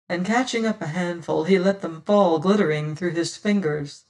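A narrator reading a first-person period adventure novel in a measured, old-fashioned storytelling manner, heard from a distant mic. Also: medium pitch, darkish tone. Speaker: audiobook narrator.

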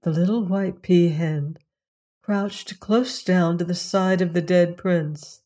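Slow, low-voiced woman reading a fairy tale. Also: steady tone, mellow. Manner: measured, solemn fairy-tale telling. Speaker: narrator. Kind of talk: storybook reading.

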